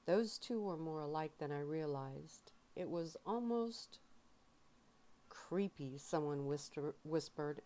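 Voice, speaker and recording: A woman reading a young adult novel aloud in first person, in a soft-spoken ASMR style with feeling. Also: low-pitched. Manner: calm, emotional first-person narration. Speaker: audiobook reader.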